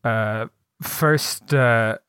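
A man's voice: mid-range voice, extremely slow, fairly bright tone, clean tone, no echo. A man co-hosting a podcast in casual chat, telling stories in a laid-back way with dry humor. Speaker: podcast co-host.

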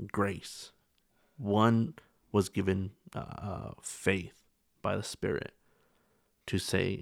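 Gravelly low-voiced man on a podcast. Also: no room sound, clean studio sound. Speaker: podcast co-host. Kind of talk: casual podcast discussion.

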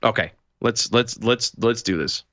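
A man's voice: mid-range voice, unhurried, no echo, highs cut off. A man co-hosting a show in casual, jokey banter, plugging the show and riffing. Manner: animated, jokey, plugs the show. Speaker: podcast co-host.

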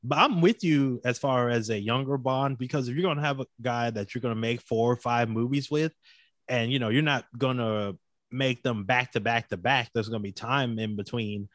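A man in casual conversation as a podcast co-host, animated and opinionated, laughing often. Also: mid-range voice, moderate pace, dry recording. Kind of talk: casual chat.

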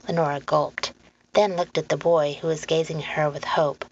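Woman narrating a storybook, gravelly tone. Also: low-pitched, steady tone, normal speed. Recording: muffled lo-fi recording, faint hum.

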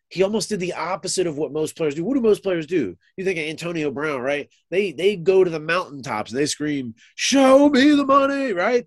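A man in casual sports conversation who thinks aloud, circling back and restarting his sentences. His voice sits a little high for a man and is recorded dry, with no room sound. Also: slightly rough, dry recording. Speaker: sports talk co-host.

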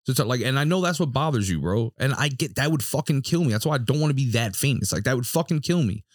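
A man's voice: mid-range voice, quick pace, no echo, studio quality. A man co-hosting a casual podcast, chatting loosely and acting out little scenes as he tells them. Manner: animated storyteller, acts out little scenes. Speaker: podcast co-host. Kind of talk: casual banter.

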